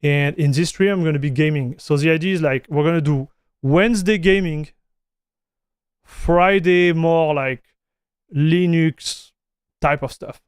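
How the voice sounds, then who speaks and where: A man's voice: fairly high pitch, unhurried, pauses often, clean tone, no echo, studio quality. A man streaming live, chatting casually, greeting viewers and reading their chat messages aloud, often restarting his sentences. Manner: frequent restarts and fillers.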